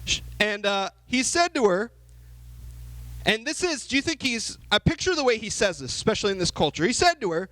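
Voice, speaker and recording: A young man with a high, bright-sounding voice preaches to a youth group, full of questions to the crowd and quick acted-out asides. The sound is close and dry, with no room echo. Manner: lively, asks the audience questions, acts out the characters. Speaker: youth pastor. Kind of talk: youth sermon.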